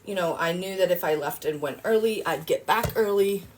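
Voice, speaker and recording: A woman's voice: on the low side, a little fast, a little hiss or hum. Rambling, swearing woman livestreamer. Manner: rambling storytelling, lively, swears freely. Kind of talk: casual livestream chat.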